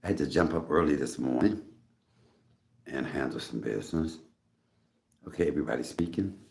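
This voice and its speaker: A man's voice: a bass voice, expressive, normal speed, vocal fry, a little mellow. A middle-aged man hosting a casual livestream from his home, chatty and greeting viewers by name, coughing often. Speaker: livestream host. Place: home room. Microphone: phone on a tripod.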